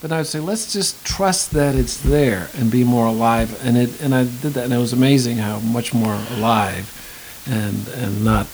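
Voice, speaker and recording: A man's voice: mid-range voice, steady tone, moderate pace, a little mellow, low-quality recording. A middle-aged male actor and acting teacher in an interview, talking thoughtfully and rambling, with many restarts. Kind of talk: conversational interview. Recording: faint hiss.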